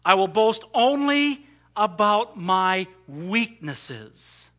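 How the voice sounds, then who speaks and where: A man's voice: high voice, big pitch swings, drawn-out words, fairly bright tone, dull audio. A man preaching a sermon emphatically, voicing scripture in the first person. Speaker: pastor.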